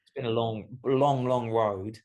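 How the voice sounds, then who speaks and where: A man's voice: mid-range voice, steady tone, unhurried, a little mellow. A man, a musician guest on a podcast, talking in a reflective, rambling way with many fillers. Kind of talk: casual podcast chat.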